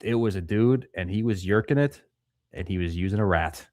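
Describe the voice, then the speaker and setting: Low-voiced man joking through superchats. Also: moderate pace, a little mellow, no echo, studio quality. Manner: crude, joking, reads viewer messages aloud. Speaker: livestream co-host reading superchats. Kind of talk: casual livestream banter.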